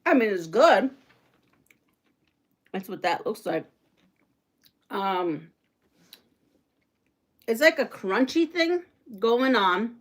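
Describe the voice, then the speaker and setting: Brief: middle-aged woman, livestream host, bubbly and chatty, bright and fairly high voice. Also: drawn-out words, pauses often. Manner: chatty, excitable, reads viewer comments aloud. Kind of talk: casual live chat while unboxing.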